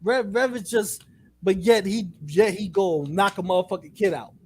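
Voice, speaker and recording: Breathy at the edges and moving at a moderate clip, a high-pitched male co-host chats casually with plenty of profanity and bluntness. He grows animated and parodies other people's words mockingly.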